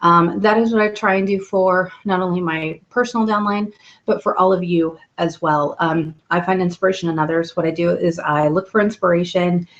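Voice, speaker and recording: A woman's voice: fairly low pitch, fairly even intonation, moderate pace. Chatty woman on a lo-fi webcam. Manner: chatty and upbeat, with many ums. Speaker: host of a weekly live video hangout. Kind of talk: casual live webcam talk. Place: home at night. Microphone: laptop webcam mic.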